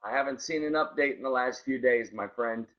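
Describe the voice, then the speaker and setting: A podcast co-host with a mid-range voice chats casually at a brisk pace, enthusiastically greeting listeners by name. The recording sounds dull and lo-fi.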